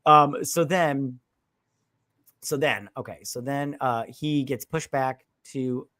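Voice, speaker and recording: A man rambling loosely through a film plot, cursing freely and slipping into the characters' lines. He sounds close and dry, with no room around him. His voice sits at an ordinary middle pitch. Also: takes it slowly, fairly bright tone, dry recording. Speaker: movie review co-host. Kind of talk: casual live-stream chat.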